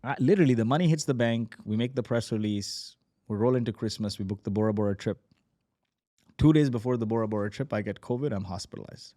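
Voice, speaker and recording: A man in his forties tells his founder's story as a podcast guest, lively and animated, acting out the dialogue. His voice is mellow and dark in tone. The sound is dry and close. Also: on the low side, quick pace, no room sound. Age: 40s. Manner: animated, acts out quoted dialogue. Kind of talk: energetic storytelling.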